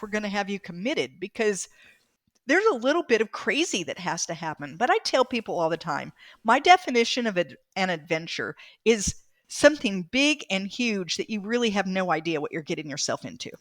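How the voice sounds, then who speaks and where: A woman author from the States talks through her story in a podcast interview, openly emotional and animated. Her voice sits in a middle register, recorded dry and close. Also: mid-range voice, normal speed, no echo. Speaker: author and guest.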